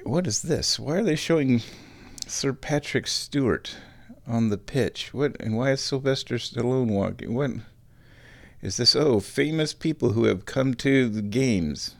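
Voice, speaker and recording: A man's voice: medium pitch, animated, unhurried, vocal fry, dry recording. A young man hosting a casual solo show, rambling and correcting himself with chuckling asides while he watches football. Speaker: show host, committee chairman.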